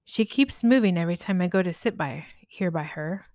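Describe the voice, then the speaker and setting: A woman's voice: on the low side, animated, a little fast, darkish tone, dry recording, clean studio sound, lightly acted. A woman voicing a friendly male farmhand with a put-on southern drawl, playful and kind in a storybook tale.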